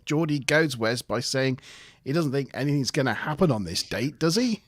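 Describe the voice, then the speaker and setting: A man's voice: medium pitch, lively intonation, moderate pace, no echo. A man co-hosting a casual review show, recapping an episode with playful voices for the characters. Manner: recaps plot with playful quoted voices and laughs. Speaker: podcast co-host.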